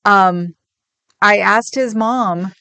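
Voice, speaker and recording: A woman's voice: mid-range voice, very slow, pushed and bright, clean tone, no echo. A woman from the Bay Area hosting a casual livestream chat, answering viewers with frequent laughs. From San Francisco Bay Area. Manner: chatty, laughs often, rambling. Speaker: livestream host.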